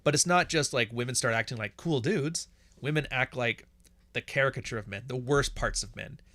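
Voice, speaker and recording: A man's voice: medium pitch, normal speed, fairly bright tone, no echo. A man with a Canadian accent hosting a podcast, chatting casually and reading out questions from chat in a blunt, profane, sarcastic way, laughing often.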